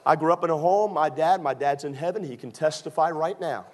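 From the pulpit, a pastor from Maryland delivers a sermon at a brisk pace. His fairly high voice stays loose, conversational and full of jokes, then swells with emphasis when he presses a point.

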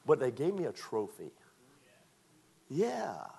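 A preacher in his sixties delivers a sermon, his voice sitting at an ordinary middle pitch. He reads scripture with emphasis and slips into homespun stories. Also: slow, gravelly, slightly rough. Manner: lively preaching, reads scripture aloud, folksy storytelling.

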